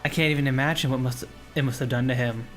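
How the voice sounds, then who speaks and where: Young man, streamer, rambling casual chat, middle pitch, faint music. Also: fairly even intonation, quick pace, fairly bright tone. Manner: chatty, rambling, with fillers. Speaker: streamer reading game text. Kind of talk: casual game commentary and narration.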